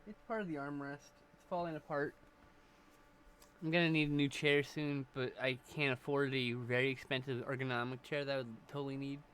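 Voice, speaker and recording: Male streamer, casual rambling chat, bright tense voice, faint room hum. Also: mid-range voice, steady tone, brisk. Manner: rambling, joking, relays chat messages.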